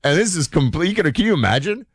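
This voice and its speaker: Animated man hosting a show. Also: on the high side, a little fast, slightly rough, dry recording. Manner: animated, chatty, many fillers and restarts. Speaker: host. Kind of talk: casual commentary.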